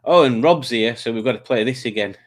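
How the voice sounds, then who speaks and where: A man's voice: medium pitch, brisk. Male livestream host, casual rambling chat, stumbles and restarts. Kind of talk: casual chat reading comments.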